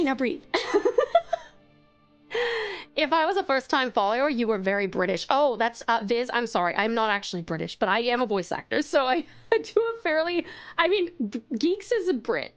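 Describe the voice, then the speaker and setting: A woman's voice: fairly high pitch, animated, moderate pace, faint music behind. A woman from Australia chatting with her live-stream chat and reading viewer stories aloud, bubbly and giggly, gasping often.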